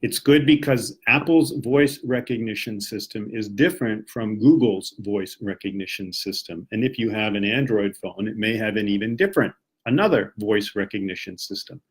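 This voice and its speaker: American English teacher on a live stream, low husky voice, easygoing and encouraging. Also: male voice, moderate pace. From United States. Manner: casual, encouraging, talks while reading comments. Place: home, Japan.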